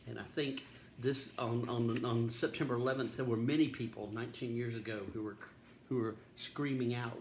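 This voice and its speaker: A man's voice: medium pitch, steady tone, normal speed. A man serving as pastor, reading scripture and giving a reflective, earnest devotional talk. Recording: roomy echo with faint background noise.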